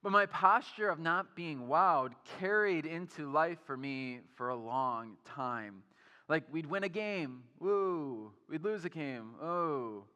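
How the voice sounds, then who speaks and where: A man's voice: on the high side, animated, measured pace, bright, forceful tone, clear, resonant tone, long reverb tail. A man in his thirties preaching a sermon, telling personal stories in a casual way full of fillers. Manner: casual, storytelling, many fillers like "like". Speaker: pastor. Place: church sanctuary.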